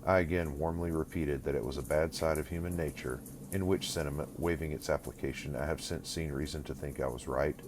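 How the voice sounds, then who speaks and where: A man narrating a classic novel as an audiobook, reading in a measured, even way. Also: a bass voice, background noise. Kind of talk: scripted narration.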